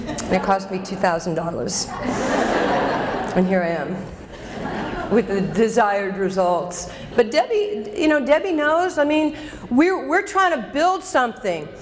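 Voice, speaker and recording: A woman's voice: medium pitch, expressive, measured pace, noisy background. Emphatic woman giving a motivational keynote. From New York. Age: 50s. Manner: emphatic, direct, calls out audience members. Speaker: keynote speaker. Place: banquet hall at a luncheon. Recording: echoey banquet hall.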